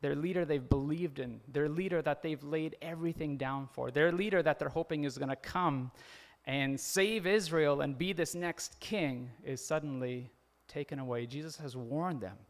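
Male pastor, gravelly voice pitched a bit high, relaxed chatty sermon delivery. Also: normal speed, hardly any pauses. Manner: conversational, laughs often, acts out quotes.

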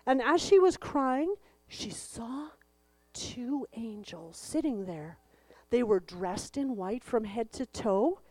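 Slow expressive woman telling a children's story. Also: a little high, no room sound. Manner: expressive, acts out the voices, leads the group in song. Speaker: children's story leader in church.

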